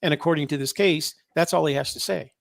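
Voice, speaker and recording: A man hosting a podcast, reading court filings aloud with wry, sarcastic asides and many halting fillers. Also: on the high side, gravelly, dry recording, studio quality. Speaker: podcast host.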